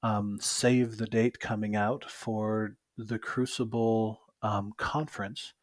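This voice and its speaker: A man's voice: lowish voice, little pitch movement, slow pace, no room sound. A man hosting a podcast interview, talking hesitantly with many fillers. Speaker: podcast host. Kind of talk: casual conversational interview.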